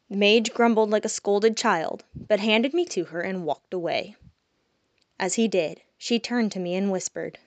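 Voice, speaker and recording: Woman narrating a fantasy story, soft-spoken. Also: mid-range voice, measured pace, dry recording. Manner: soft, drops quiet on reflective lines. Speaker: audiobook narrator. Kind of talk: first-person storybook narration.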